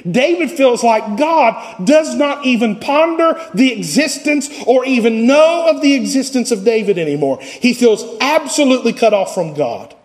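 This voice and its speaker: A man's voice: extremely high pitch, animated, normal speed, hardly any pauses. A man preaching a sermon as pastor, his intensity swelling and dropping.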